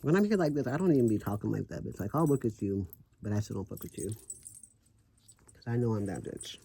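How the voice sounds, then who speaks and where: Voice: mid-range voice, expressive, quick pace, gravelly, warm tone, husky, no echo. A vlogger talking casually to camera in a sassy, brash, profane way, laughing often, with speech slurred by a swollen tongue. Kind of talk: casual vlog talk.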